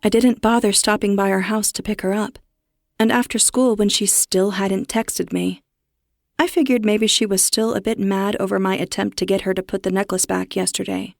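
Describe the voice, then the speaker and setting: A woman reading a first-person horror story as narrator, steady with a tense edge. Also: mid-range voice, moderate pace, gravelly, no echo, clean studio sound.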